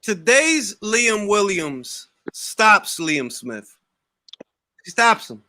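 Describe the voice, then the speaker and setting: A man co-hosting a boxing talk show in casual, heated chat, excitable and swearing, often repeating himself and laughing. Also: high voice, very slow, dry recording, studio quality. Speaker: boxing podcast co-host.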